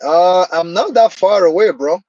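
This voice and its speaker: A man's voice: sits high, unhurried, darkish tone, no room sound, muffled recording. A man hosting a live stream, chatting casually and answering viewers' comments by name.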